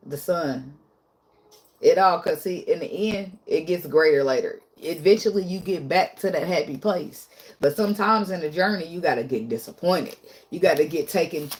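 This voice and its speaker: A woman doing a casual tarot reading vlog, talking bluntly with lots of swearing, getting emotional and laughing often. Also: fairly low pitch. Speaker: tarot reader.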